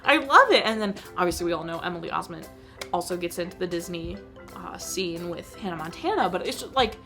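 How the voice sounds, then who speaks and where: A young woman hosting a film review channel, chatting casually and excitedly, with lots of fillers. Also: on the low side, a little fast, creaky, faint music behind. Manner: animated, gushing, filler-heavy with frequent "like". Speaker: host reviewing films. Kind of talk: casual chat.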